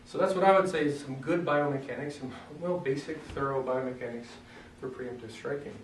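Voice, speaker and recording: A man coaching strikes in a loose, joking, hands-on way, stopping now and then to clear his throat. His voice comes from well away from the mic, bouncing around a roomy space, with a faint hum of ambience behind him. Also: mid-range voice, steady tone, fairly quick, recorded from a distance. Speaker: self-defense instructor. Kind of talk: casual demonstration lesson.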